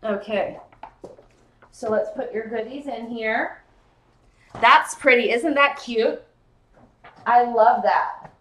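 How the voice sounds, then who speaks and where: A woman's voice: fairly high pitch, takes it slowly, pauses often, a little hiss or hum. Giddy, gushing woman selling jewelry live. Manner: excitable, gushing, addresses viewers by name. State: giddy and tired late at night. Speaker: live-stream jewelry seller. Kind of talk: casual live-stream selling chat.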